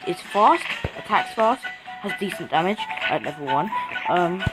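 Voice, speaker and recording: Excitable woman narrating her gameplay. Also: fairly low pitch, a little slow, loud music behind the voice, poor audio. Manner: chatty and excitable, cheering units on. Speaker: gaming video creator. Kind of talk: casual gameplay commentary.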